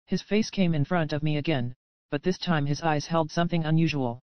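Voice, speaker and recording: Woman audiobook narrator, steady first-person reading, smooth tone, dry and slightly dull sound. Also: low voice, brisk, no echo.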